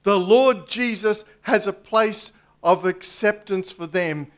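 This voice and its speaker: Guy preaching a sermon, high voice, takes it real slow, dry little asides. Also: a bit bright. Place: church congregation.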